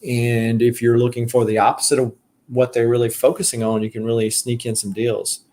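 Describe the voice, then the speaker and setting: A man's voice: mid-range voice, flat delivery, brisk, darkish tone. A man with a Southern US accent hosting a casual live stream, rambling with many fillers and restarts as he answers viewer comments. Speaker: collector channel host.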